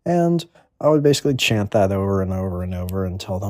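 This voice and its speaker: A man's voice: low-pitched, very animated, fast talker, darkish tone, no room sound, studio quality. A man in his twenties delivering a crude comedic monologue in a rambling, offhand way. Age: 20s. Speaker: comedic storyteller.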